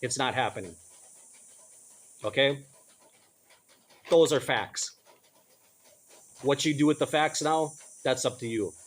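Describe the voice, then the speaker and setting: A man's voice: medium pitch, slow, long pauses. A middle-aged man giving blunt, casual commentary, stumbling over names and correcting himself as he goes. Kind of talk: casual commentary reading news aloud.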